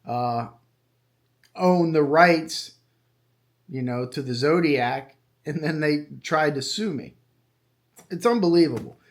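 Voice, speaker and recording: A middle-aged man hosting a true crime podcast, talking casually and with strong opinions, often pausing on fillers. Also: high voice. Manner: conversational, opinionated, with frequent fillers. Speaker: true crime podcast host and retired detective. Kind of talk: casual monologue.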